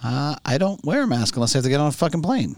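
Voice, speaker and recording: Joking, swearing man with lively pitch. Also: quick pace, gravelly, no echo, clean studio sound. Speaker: podcast co-host. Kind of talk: casual chat. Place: Florida studio.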